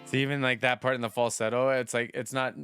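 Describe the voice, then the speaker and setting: A man's voice: mid-range voice, little pitch movement, fast talker. A man hosting a music reaction video, chatting casually and enthusiastically with a rambling flow of fillers.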